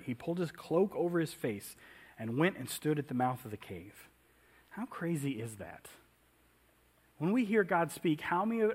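A man's voice: a little high, sing-song, normal speed, husky. A man preaching a conversational sermon in a church, often asking the congregation questions. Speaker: pastor.

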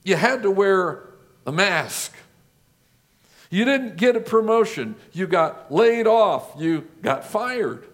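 Man, pastor, sermon, slightly high voice, unhurried, rhetorical questions. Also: animated, fairly bright tone. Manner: rhetorical questions, measured listing.

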